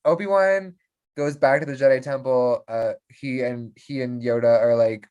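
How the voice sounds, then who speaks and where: Recapping a film in casual podcast chat, a co-host speaks at an ordinary middle pitch with a clean tone. The delivery is lively and playful, with quick character voices acting out snatches of dialogue.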